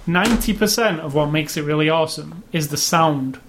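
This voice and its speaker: Chatty man, rather high voice. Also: brisk, slight background noise. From England. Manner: chatty, rambling, with frequent fillers. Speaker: podcast co-host. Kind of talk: casual chat.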